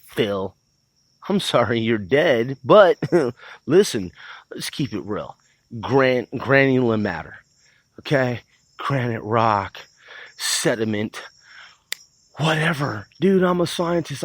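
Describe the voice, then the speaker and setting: A man's voice: medium pitch, lively intonation, slow pace, long pauses, dry recording. A man ranting in a mocking, profane and combative way, repeating himself as he builds his point. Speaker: vlogger.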